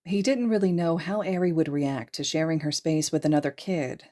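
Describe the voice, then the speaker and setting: Low-voiced woman reading a story. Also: normal speed. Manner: steady storytelling. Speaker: podfic reader. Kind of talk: fan fiction narration.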